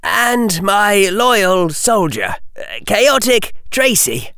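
A man voicing an earnest, intense young boy wizard, raising his voice into a higher register. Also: very animated, drawn-out words, bright, forceful tone, clean tone, dry recording, studio quality, heavily acted.

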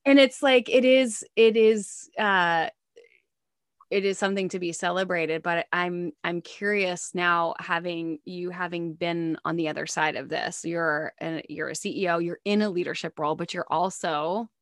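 Woman interviewer, low voice, dry close sound, chatty and effusive. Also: steady tone, moderate pace, a bit bright, no echo. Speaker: podcast host, interviewer. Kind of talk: casual interview chat.

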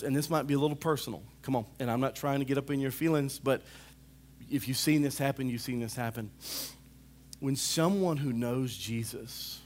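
A man's voice: mid-range voice, a little hiss or hum. Preacher man calling out to his congregation. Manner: animated, swings from loud calls to hushed asides; repeats "come on" to the congregation. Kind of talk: sermon.

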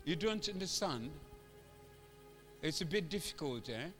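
A Ghanaian man preaching a convention sermon, switching languages and drawing call-and-response from the crowd, building to shouted exhortations. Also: a little high, lively intonation, measured pace. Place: large church hall. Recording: echoey hall with music behind.

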